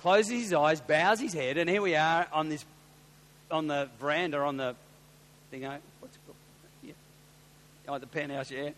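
An Australian man and pastor tells a story in a sermon, animated and getting loud when excited. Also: on the high side, moderate pace, pauses often. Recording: long hall reverb with faint hum.

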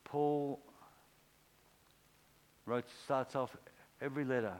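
A man's voice: measured pace, low-quality recording. Man preaching a conversational sermon. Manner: conversational, acts out quoted speech with pitch swings. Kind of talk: informal sermon.

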